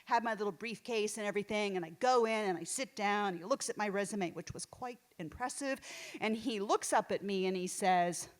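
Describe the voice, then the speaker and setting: A woman's voice: medium pitch, a little fast. A middle-aged woman from Texas doing a rambling, self-deprecating stand-up set on a small theater stage. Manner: rambling, self-deprecating, lots of fillers and restarts. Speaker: stand-up comedian.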